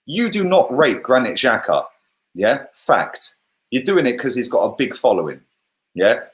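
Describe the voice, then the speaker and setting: A man's voice: medium pitch, big pitch swings, a little slow. A man, a football fan pundit, ranting bluntly and combatively in heated, sweary chat. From England.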